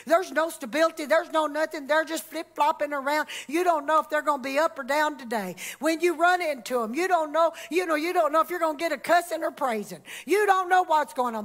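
A woman preaching a church sermon, swinging from loud emphatic calls to hushed asides. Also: sits high, moderate pace.

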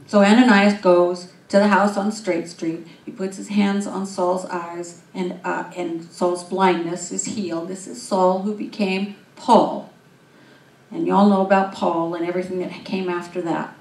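A woman minister giving a sermon, telling a story in a lively, animated way. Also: on the low side, a little slow. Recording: roomy, from far off.

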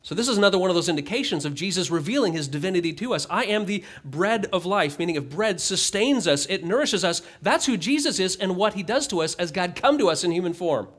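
A man preaching a sermon, voice sitting a little high for a man. He moves between reading scripture aloud and explaining it in a relaxed, conversational way, with touches of dry humor. He sounds middle-aged and at ease. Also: quick pace, few pauses. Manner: conversational, reads scripture then comments with light humor. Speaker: pastor.

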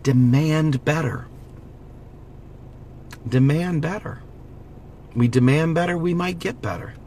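A man's voice: fairly high pitch, takes it slowly, mellow, slight background noise. A man giving an impassioned direct-to-camera monologue, preachy and urgent, repeating slogans as he rallies his viewers. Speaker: political vlogger.

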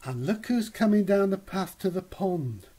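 A man reading a picture book aloud to a child in a slow, animated storytelling manner. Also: sits high, husky. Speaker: reader.

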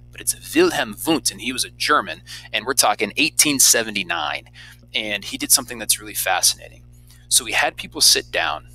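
Male teacher, recorded lecture, very bright voice, chatty and lively, faint music behind. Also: fairly low pitch, poor audio. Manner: lively, conversational, asks rhetorical questions.

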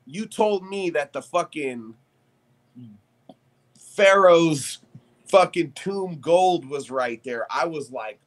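A man, a podcast guest, telling a story in casual chat, animated and profane, laughing as he talks. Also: fairly high pitch, slow pace, pauses often.

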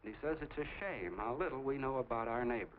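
An actor playing a friendly small-town soda jerk who rambles on in a folksy, chatty way, on a tinny 1940s film soundtrack with faint hiss. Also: male voice, mid-range voice, quick pace, close to an everyday voice. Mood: eager.

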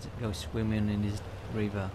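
A man from Australia co-hosting a casual gameplay video, talking in a playful, halting way. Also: lowish voice, monotone, background noise. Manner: playful, halting, stops to laugh. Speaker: co-host gamer.

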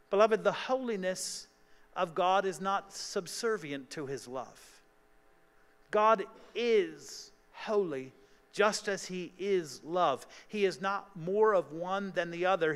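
A man's voice: high voice, a bit bright, smooth. A male pastor preaching a sermon emphatically, raising his voice for quoted lines. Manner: emphatic preaching, voice rises on quotations. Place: church sanctuary. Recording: church sanctuary with long reverb.

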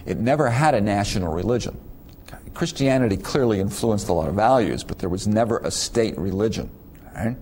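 A man's voice: lowish voice, lively intonation, brisk, a little mellow, slight background noise. Man lecturing with rhetorical questions. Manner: conversational, asks rhetorical questions and repeats words. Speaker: university lecturer. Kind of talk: recorded lecture to students.

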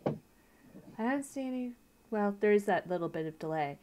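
A woman's voice: mid-range voice, expressive, normal speed, background noise. A woman hosting a livestream, friendly and upbeat as she wraps up. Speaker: host. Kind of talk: casual chat.

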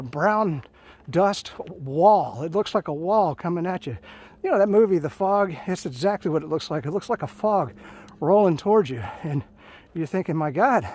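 This fifties-aged Marine veteran shares rambling personal stories outdoors on a trail, speaking into a phone as he walks, with plenty of fillers and false starts. His voice is a little high with a darkish tone.

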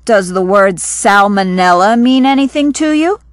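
A woman's voice: mid-range voice, lively intonation, normal speed, dry recording, clean studio sound, natural voice. A woman reading the lines of an earnest, awkward teenage boy who talks bluntly and evasively.

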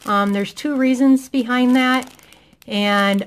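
Her voice fairly high and steady, a middle-aged woman from Indiana, USA, speaks slowly while chatting through a product haul at home. She's enthusiastic and fills her talk with ums.

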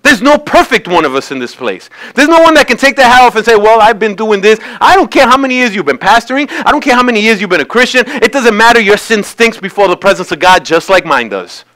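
A man's voice: high voice, very animated, fast talker, hardly any pauses, sharp tone, poor audio. A man preaching a sermon as pastor in a church, talking conversationally and acting out quoted voices.

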